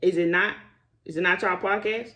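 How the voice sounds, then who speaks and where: Animated man ranting straight to viewers. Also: high-pitched, moderate pace. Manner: animated, rising to indignant emphasis; talks straight to viewers as y'all. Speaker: commentary vlogger. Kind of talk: casual opinion vlog.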